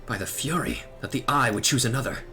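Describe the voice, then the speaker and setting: A man's voice: medium pitch, big pitch swings, fairly quick, bright, forceful tone, soft background music. A man voicing a grave, formal older knight who once taught dragoons, read out from a game. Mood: solemn. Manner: formal, grave storytelling delivery.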